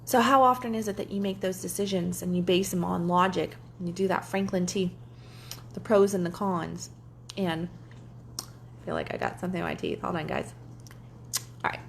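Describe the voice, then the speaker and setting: A woman's voice: fairly low pitch, fairly even intonation, normal speed, creaky, long pauses, slight background noise. A woman life coach talking casually to her viewers, candid and chatty, sometimes swearing and acting out what others said. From German heritage. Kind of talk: casual livestream talk to viewers.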